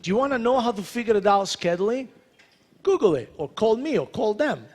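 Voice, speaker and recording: A man in his thirties from Italy with an Italian accent, giving a joking, animated motivational talk to a convention audience. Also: sits high, brisk. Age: 30s. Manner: joking, animated, addresses crowd directly. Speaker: celebrity chef speaker. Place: large convention hall. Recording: reverberant hall.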